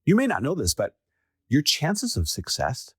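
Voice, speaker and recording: A man's voice: a little high, wildly swooping pitch, normal speed, a bit bright, breathy edge, no room sound, clean studio sound. Emphatic man giving motivational business talk. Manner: emphatic, repeats key phrases for stress. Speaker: podcast host.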